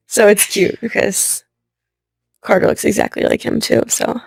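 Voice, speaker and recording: A young adult woman telling a personal story as an interview guest, acting out what people said to her with lively voices and laughing often. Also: medium pitch, takes it slowly, creaky, dry recording, faint music behind. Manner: animated retelling, acting out quoted lines, laughing often.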